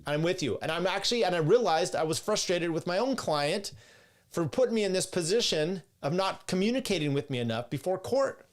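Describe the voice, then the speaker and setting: A man's voice: high-pitched, brisk. A man hosting a podcast, casually telling a worked-up story with lots of fillers and restarts. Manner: animated, worked-up retelling with many fillers. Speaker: podcast host.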